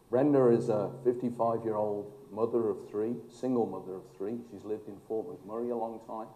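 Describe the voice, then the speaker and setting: A man's voice: fairly low pitch, dark tone. A man, a former fire chief, telling emphatic stories with dry humor in a speech to an audience. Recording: echoey hall.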